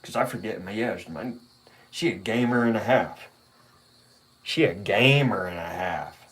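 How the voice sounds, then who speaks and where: A man's voice: on the low side, moderate pace, fairly bright tone. A man talking casually on his stream, telling a rambling story in a laid-back way, full of profanity and chuckles. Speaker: vlogger. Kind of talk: casual chat.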